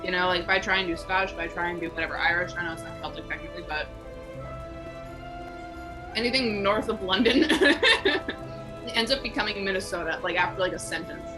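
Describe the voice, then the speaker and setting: A woman's voice: lowish voice, a little fast, over music, rough recording. A woman chatting playfully with other players, teasing them and laughing often. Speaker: tabletop game player. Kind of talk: casual group chat.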